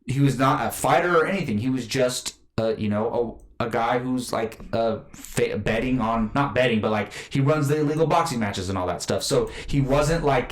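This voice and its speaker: A man chatting casually as a podcast co-host, reviewing a film in a rambling, animated way with lots of fillers. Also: medium pitch, roomy sound.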